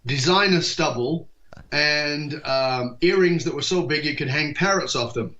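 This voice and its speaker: A man in his fifties from England, a leadership speaker telling stories in an interview and acting out quoted dialogue. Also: fairly high pitch. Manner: lively, acts out quoted dialogue, quick asides. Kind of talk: storytelling interview talk. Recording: dull lo-fi podcast recording.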